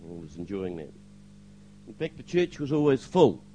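An older man gives spoken testimony to a church congregation in a lowish, mellow voice with big pitch swings at normal speed. He hesitates and uses fillers, sometimes acting out the lines he quotes. The audio is poor, with a little hiss or hum.

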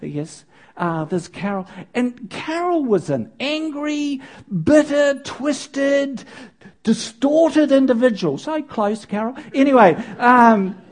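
Woman preacher, husky voice, swooping expressive delivery, teasing the congregation mid-story. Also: sits high, takes it slowly. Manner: animated, with playful asides to the audience. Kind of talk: sermon with storytelling.

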